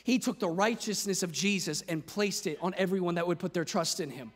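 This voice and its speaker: A male pastor preaching a sermon with impassioned delivery, at times rising to a shout. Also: high-pitched, brisk. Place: large church hall. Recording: long reverb of a large church hall.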